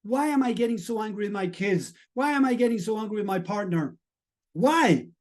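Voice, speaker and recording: A middle-aged man with a fairly high voice speaks as a mindset coach on a live stream. He talks earnestly and emphatically, stacking rhetorical questions and checking in with his chat audience. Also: lively intonation, brisk.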